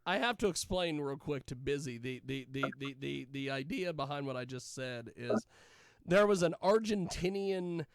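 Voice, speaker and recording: A man's voice: on the high side, lively intonation, normal speed, clean tone, no echo, studio quality. A man hosting a casual talk show, rambling with many fillers and restarts. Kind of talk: casual chat.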